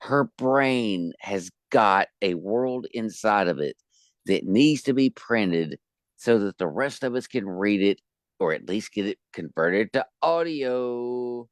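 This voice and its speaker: A man's voice: fairly low pitch, takes it slowly, no echo. A man hosting an interview podcast, joking and swearing casually. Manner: animated, joking, swearing freely. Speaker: podcast host.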